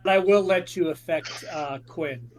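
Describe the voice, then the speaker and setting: A man narrating as game master of a tabletop game, describing scenes in halting bursts with frequent restarts. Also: on the high side. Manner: halting, many restarts and fillers.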